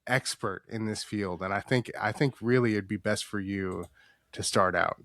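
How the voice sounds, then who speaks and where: A man's voice: on the low side, moderate pace, a bit bright, dry recording, studio quality. A young man co-hosting a casual comedy podcast, swearing freely and teasing his co-host. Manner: profane, joking, teasing.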